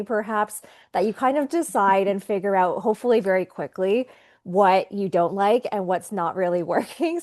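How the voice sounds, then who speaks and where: A woman's voice: mid-range voice, a little mellow. A woman brand designer talking as a podcast guest, reflective and chatty, with frequent "like" fillers. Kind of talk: casual podcast interview.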